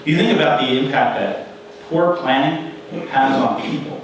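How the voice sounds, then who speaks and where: A middle-aged man speaking at a conference, chatty and animated as he tells his story. His voice sits at an ordinary pitch. The very echoey hall and his distance from the mic make him sound far off, over a faint room hum. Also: normal speed. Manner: conversational, animated retelling with quoted voices. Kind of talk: storytelling talk.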